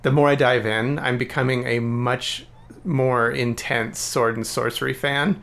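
A man with a gravelly, fry-tinged voice co-hosts a casual podcast. He talks eagerly about films and laughs often. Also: mid-range voice, a little slow. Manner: excited, chatty, laughs often. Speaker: podcast co-host.

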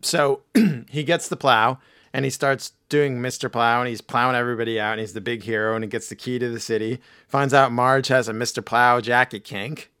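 A man with a hoarse, failing voice, casually recapping a cartoon episode with laughs and restarts. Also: mid-range voice, steady tone, brisk, pushed and bright, dry recording, clean studio sound. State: hoarse, losing his voice. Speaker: podcast host. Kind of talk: casual chat.

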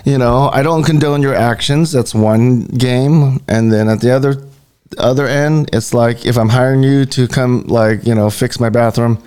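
A man's voice: medium pitch, steady tone, moderate pace, mellow, clean tone. A man co-hosting a live podcast, chatting casually in a loose, rambling way with lots of fillers. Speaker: podcast co-host.

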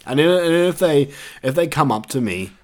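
A man's voice: fairly high pitch, expressive, moderate pace, darkish tone. A young Australian man chatting casually on a podcast, rambling with lots of fillers, swearing and laughing often. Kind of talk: casual chat.

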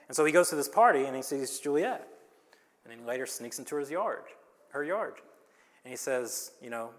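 A man's voice: medium pitch, animated, normal speed, pauses often, pushed and bright, big-room sound. A man preaching a sermon, telling stories in a conversational way and quoting people in his own voice. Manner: conversational storytelling, quotes characters in his own voice. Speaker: pastor.

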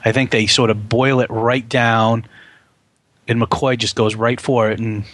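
A man's voice: medium pitch, a little slow, no echo. Chatty man discussing a film. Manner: relaxed, chatty, many fillers. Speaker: podcast co-host.

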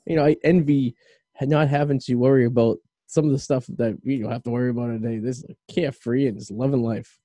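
Male talk radio host: deep, dark tone, dry close sound, loose rambling chatter. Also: steady tone, quick pace, dry recording. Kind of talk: casual chat.

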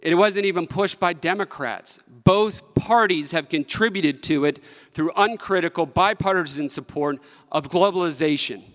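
A man's voice: on the high side, moderate pace, a bit bright. Impassioned man at a podium. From West Virginia. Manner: impassioned, emphatic, with repetition for effect. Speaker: state treasurer. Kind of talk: political conference speech. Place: large conference hall. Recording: long hall reverb from a conference room.

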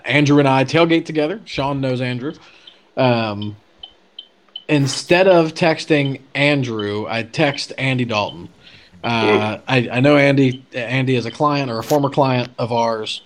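Man, casual storyteller, talks loosely with fillers, mid-pitched. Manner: chatty, many fillers and restarts. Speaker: podcast guest telling a story.

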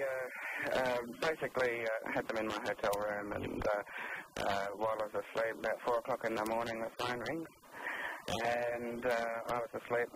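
A male caller to a radio show, telling his story hesitantly with many pauses. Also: medium pitch, noisy background. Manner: hesitant, many ums and uhs. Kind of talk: phone-in story.

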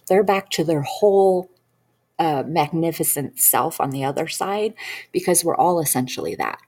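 A woman's voice: low voice, a little mellow. A woman practitioner telling a personal story in an earnest, rambling way with many fillers. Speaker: hypnosis practitioner.

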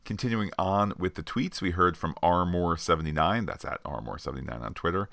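Man, very deep voice, dry close sound, podcast co-host reading listener tweets aloud. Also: brisk, vocal fry, a bit bright, no echo. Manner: reads off a list with frequent uh fillers.

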